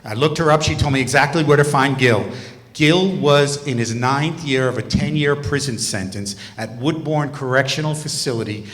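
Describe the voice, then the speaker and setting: Man telling a confessional story on stage. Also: mid-range voice. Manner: animated, confessional. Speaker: former teacher and religious brother. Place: theater stage. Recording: long hall reverb from a stage.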